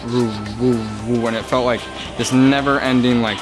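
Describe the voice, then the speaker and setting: A young man in his twenties recounts a personal story in a rambling, candid way, leaning heavily on fillers. His voice sits at a middle pitch. Soft music plays faintly behind him. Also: steady tone, normal speed.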